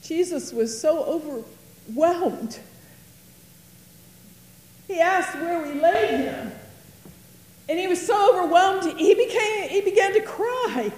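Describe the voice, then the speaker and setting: A grieving biblical sister, earnest and emotional, played by a woman in a first-person stage monologue. Her high voice moves slowly. The sound is roomy, with a long hall reverb. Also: expressive, darkish tone, exaggerated voice. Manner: earnest and emotional, dwelling on words. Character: grieving woman, sister of Lazarus, fond of tidiness.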